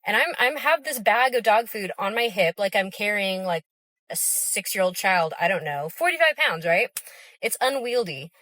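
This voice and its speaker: A woman's voice: medium pitch, expressive, normal speed, pushed and bright, dry recording. A woman ranting casually to camera, chatty and filled with "like" fillers. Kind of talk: casual video rant to camera.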